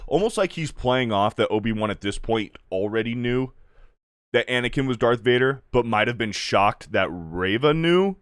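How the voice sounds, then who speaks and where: A man's voice: mid-range voice, animated, moderate pace, no echo, clean studio sound. A man giving a casual, exasperated review full of swearing, now and then mocking characters in put-on voices.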